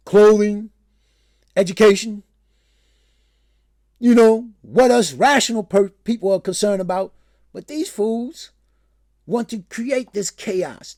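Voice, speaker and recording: A man's voice: sits high, vocal fry, no room sound, studio quality. A man hosting his own show, giving a rambling and impassioned solo commentary. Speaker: show host.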